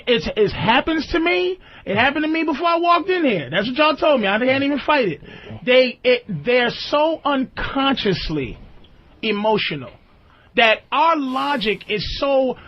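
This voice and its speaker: A man with a very high-pitched voice rants on a radio talk show, cursing and arguing hard with a caller. The broadcast sound is muffled and dull. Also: very animated, moderate pace. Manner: profane, ranting, argumentative.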